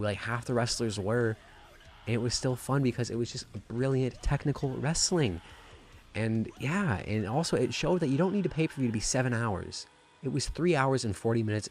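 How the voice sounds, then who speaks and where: A man giving a rambling, gushing, profane wrestling review in a casual excited style. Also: on the low side.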